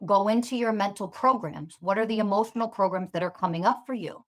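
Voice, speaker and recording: A woman's voice: mid-range voice, fairly quick. A woman hosting a podcast as a spiritual teacher, delivering a heated, profane monologue full of sarcastic rhetorical questions.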